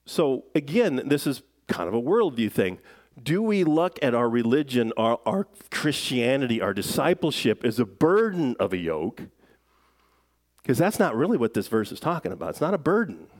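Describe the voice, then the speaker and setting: A middle-aged man preaching a sermon in a relaxed, conversational way, with self-deprecating jokes and frequent fillers. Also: medium pitch. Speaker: pastor.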